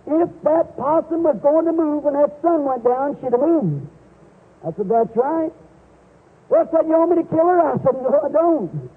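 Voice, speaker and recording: A man's voice: extremely high pitch, a little hiss or hum. A man preaching a sermon, telling a story in an earnest, folksy way with homespun grammar, on an old archive recording. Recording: tinny lo-fi archive sermon tape.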